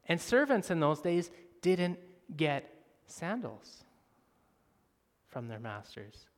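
A man preaching a sermon, moving between soft, slow passages and loud, emphatic ones. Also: on the high side, sing-song. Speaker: pastor. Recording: reverberant hall.

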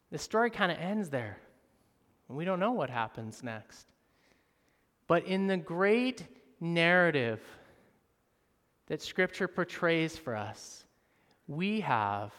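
Male pastor, high voice, long hall reverb, animated sermon delivery. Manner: animated, swings from soft and slow to loud and emphatic.

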